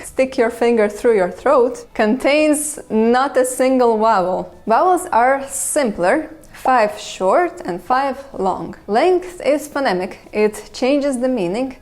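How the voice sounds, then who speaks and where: A woman's voice: on the high side, a little mellow. Woman narrating a language lesson. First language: Russian. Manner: measured, explanatory, with dry humor. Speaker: language channel host. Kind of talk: scripted educational narration.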